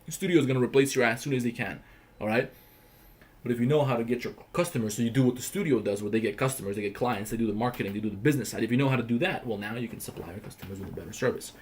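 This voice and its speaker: Blunt, fast-talking Balkan man. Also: medium pitch, a little mellow, slight background noise. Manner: blunt, profane, emphatic. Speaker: livestream host. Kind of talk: casual livestream Q&A rant.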